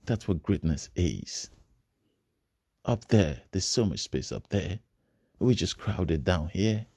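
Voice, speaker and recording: A man's voice: sits low, animated, takes it slowly, darkish tone, husky, dry recording. A man giving a motivational speech, emphatic and repeating his phrases for effect. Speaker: motivational speaker.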